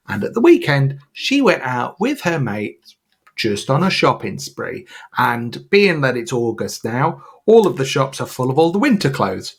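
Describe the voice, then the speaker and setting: Gravelly, lively man chatting. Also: medium pitch. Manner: animated, playful, mimics voices for laughs. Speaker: podcast co-host. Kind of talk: casual chat.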